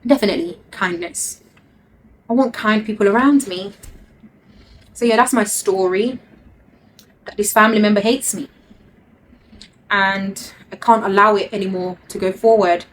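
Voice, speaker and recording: A woman's voice: medium pitch, moderate pace, pauses often, slight background noise. A woman, telling a heartfelt personal story to her viewers in an earnest way and repeating words for emphasis. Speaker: vlogger.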